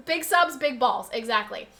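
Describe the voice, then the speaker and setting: Bright high-voiced woman livestreamer. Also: animated, slow pace. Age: 20s. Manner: chatty, reads out and answers chat, laughs often. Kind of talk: casual livestream chat.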